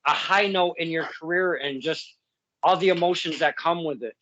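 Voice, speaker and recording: A man's voice: fairly high pitch, moderate pace, fairly bright tone, muffled recording, a little hiss or hum. A man hosting a casual interview, effusive and heartfelt, rambling with many restarts. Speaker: podcast host.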